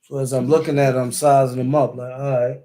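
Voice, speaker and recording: Telling a tale with a thick New York accent, a man from East New York, Brooklyn, leans on street slang, repetition and sound effects. He talks fairly quickly in a dark, mid-range voice that barely moves in pitch.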